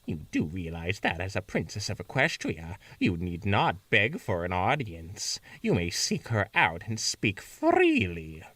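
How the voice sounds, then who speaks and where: A man's voice: low voice, huge pitch swings, unhurried, few pauses, fairly bright tone, dry recording, full character voice. A man voicing a stern, regal female princess pony in a haughty, imperious way, heard a little distant from the mic.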